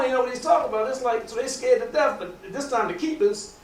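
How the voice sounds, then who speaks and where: A man with a fairly high voice tells a long story in a loose, rambling way, often restarting his sentences. He sounds distant from the mic, in a roomy space with a faint hum of noise behind him. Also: a little fast. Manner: rambling, with many restarts and casual grammar. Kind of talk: casual oral storytelling.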